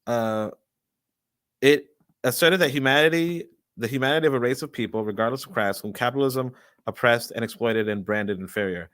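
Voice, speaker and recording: A man hosting his channel, reading a book aloud in a halting, self-correcting way and breaking off for chatty asides. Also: mid-range voice, fairly bright tone, no echo, studio quality. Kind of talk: casual live reading with asides.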